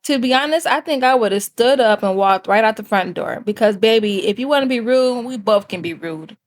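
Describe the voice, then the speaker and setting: A woman's voice: on the high side, brisk. A woman hosting scripted commentary in a sassy way, talking straight to her viewers. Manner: sassy, addresses viewers as cousins. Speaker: host.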